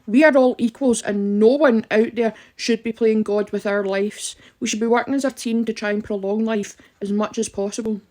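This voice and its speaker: A woman's voice: on the high side, steady tone, normal speed, few pauses, mellow. A woman giving emphatic, direct advice to listeners in an impassioned talk. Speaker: campaigner.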